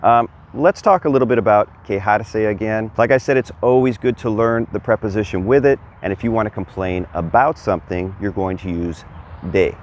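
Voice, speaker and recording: A man's voice: on the low side, a little fast, lo-fi sound, slight background noise. A man giving a casual, chatty video lesson as a Spanish teacher, quizzing the viewer and encouraging them. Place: outdoors. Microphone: camera on a stand.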